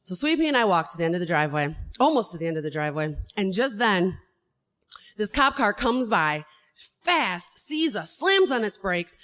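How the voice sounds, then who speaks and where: A woman telling a true personal story to an audience, animated, laughing and swearing as she goes. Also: medium pitch, normal speed.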